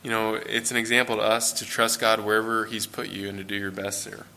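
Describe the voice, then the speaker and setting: An American man delivers a sermon to a church congregation. His voice sits fairly low but has a bright, forward edge. He talks in a loose, conversational way, with fillers and restarts. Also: flat delivery, fairly quick, vocal fry. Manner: conversational, with fillers and self-corrections. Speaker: preacher.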